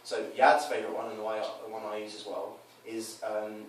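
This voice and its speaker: A man's voice: lowish voice, a little fast. A man casually explaining his coaching approach, switching into quoted voices to act out scenes. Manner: animated, acts out quoted lines in changed voices. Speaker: dating coach. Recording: roomy echo, mic from a distance, faint noise.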